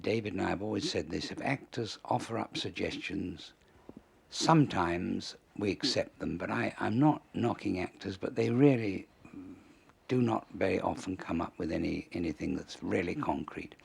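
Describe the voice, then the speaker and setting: An older man with a gravelly, husky voice, spinning lively anecdotes as an interview guest. He tells his stories with relish and chuckles along at them. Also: low voice, normal speed. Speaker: comedy writer, interview guest. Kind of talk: anecdotal storytelling.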